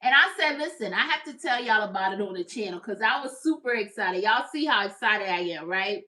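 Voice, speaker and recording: Chatty woman, bright voice, roomy sound. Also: medium pitch, lively intonation, brisk, recorded from a distance. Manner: chatty, upbeat, addresses viewers as y'all. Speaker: crochet livestream host. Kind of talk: casual livestream chat.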